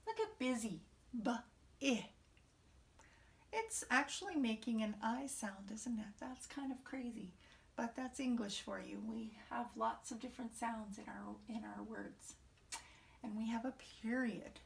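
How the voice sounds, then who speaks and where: Slow, gravelly woman teaching young kids. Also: on the high side, recorded from a distance. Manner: slow, sing-song teacher talk with questions to the class. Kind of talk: morning message lesson for young children.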